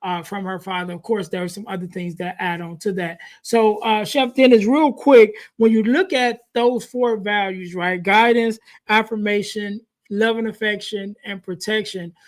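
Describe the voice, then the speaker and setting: A man hosting a podcast, setting up questions in a measured way and circling back to restate them. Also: sits high, fairly even intonation. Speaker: podcast host. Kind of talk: interview questions, casual.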